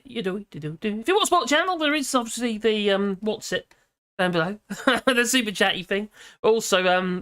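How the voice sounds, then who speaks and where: A middle-aged woman from Britain hosts a casual livestream from her home. She rambles cheerfully, laughs often and reads out her viewers' comments. Her voice sits at an ordinary, mid-range pitch. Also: fairly bright tone. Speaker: livestream host. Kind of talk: casual political livestream chat. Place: home room with dogs.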